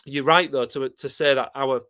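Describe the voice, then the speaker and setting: A man with a Yorkshire accent hosting a casual live stream, chatting relaxed and laughing often as he answers comments. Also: mid-range voice, moderate pace, no room sound, studio quality. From Yorkshire, England.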